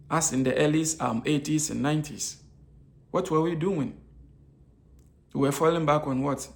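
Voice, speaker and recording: A man's voice: a little high, creaky. A man giving an informal talk on nutrition. He keeps asking rhetorical questions and answering them himself, and he repeats his key points. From Africa. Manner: repeats key phrases, many hesitation fillers. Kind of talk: informal health lecture.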